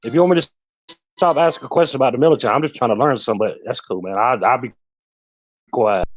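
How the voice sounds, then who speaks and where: A man's voice: medium pitch, quick pace, no echo, muffled recording. A man on a video call who asks blunt questions and calls people "bro" and "man". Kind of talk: casual video call chat.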